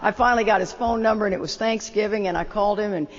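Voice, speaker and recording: This older woman starts off the talk by recounting a long personal tale with animated, self-mocking humor. She talks fast in a mid-range voice. The audio is muffled, with the roominess of a hall.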